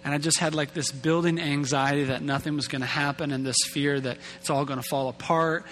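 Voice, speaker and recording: Higher-voiced male pastor in an echoing hall. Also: steady tone, fairly quick, a bit bright. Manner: casual, self-deprecating, repeats and restarts words. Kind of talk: conversational sermon. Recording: long hall reverb with faint hum.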